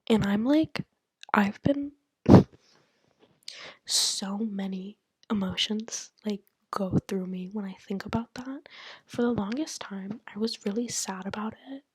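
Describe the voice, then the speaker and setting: A nineteen-year-old woman rambling candidly into her laptop at home late at night, mostly in a hushed whisper, joking at her own expense. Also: mid-range voice, slow, breathy edge, no room sound. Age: 19, turning 20. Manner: rambling, candid, self-mocking. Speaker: college student podcaster. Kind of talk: casual late-night monologue. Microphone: laptop mic.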